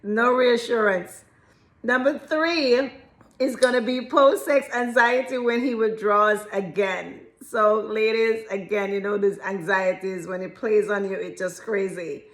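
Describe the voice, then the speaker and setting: Giggly, slow-talking woman vlogger. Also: mid-range voice, fairly even intonation, fairly bright tone. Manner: giggly, keeps breaking into laughter; frank and chatty, addresses viewers as ladies and guys. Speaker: relationship advice vlogger. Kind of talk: casual chat to camera.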